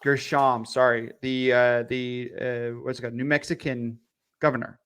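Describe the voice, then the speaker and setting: A man's voice: medium pitch, level tone, normal speed, a bit bright, clean tone. A man co-hosting a casual political commentary show, explaining things with many fillers and easy laughs. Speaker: co-host.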